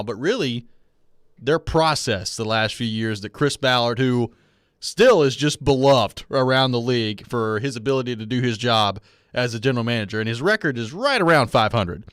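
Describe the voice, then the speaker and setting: A man's voice: mid-range voice, fairly bright tone, no echo, clean studio sound. A man hosting a sports radio show, setting up long, earnest questions for his co-host. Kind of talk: radio talk and live read promo.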